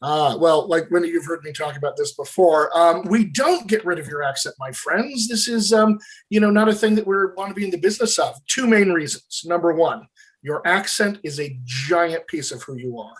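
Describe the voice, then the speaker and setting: An energetic man explaining work to actors in an interview. His voice sits a little high, and he talks straight to the viewer in a friendly, coaching way. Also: normal speed, breathy edge. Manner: animated, addresses viewers as "my friends". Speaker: dialect coach. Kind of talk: enthusiastic interview talk.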